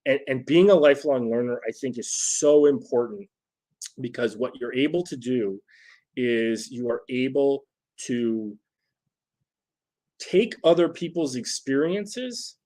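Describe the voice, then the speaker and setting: A man's voice: mid-range voice, expressive, unhurried, dark tone. A man hosting a casual solo talk on leadership, speaking to his viewers in a loose, conversational way and often tagging sentences with "right?". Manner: conversational, frequent "right?" tags, restarts. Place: home setup with phone nearby.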